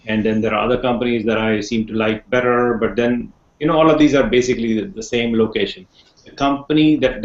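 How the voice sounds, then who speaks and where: A man teaching an online class on a video call, rambling a little, repeating words and asking his students questions. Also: mid-range voice. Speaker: instructor. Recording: echoey, muffled video call audio.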